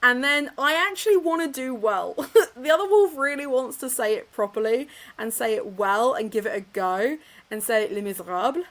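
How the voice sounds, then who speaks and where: A woman's voice: sits high, animated, normal speed. A young woman, hosting a casual reading livestream from her home office, chatty and self-mocking with frequent laughs. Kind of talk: casual chat to live chat.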